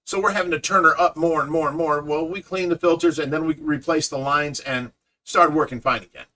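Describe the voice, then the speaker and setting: A man's voice: on the high side, steady tone, fairly quick, bright, forceful tone. A middle-aged man with an Ohio accent, chatting casually on a livestream and telling a long story, acting out what others said. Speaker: fish rescue owner and caregiver. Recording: voice picked up from a distance.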